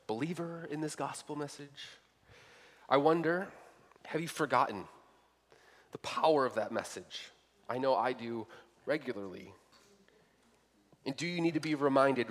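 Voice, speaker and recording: Male pastor, slow and deliberate, earnest pleading sermon, long church reverb. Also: mid-range voice, fairly bright tone. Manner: earnest, pleading questions to listeners. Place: church sanctuary.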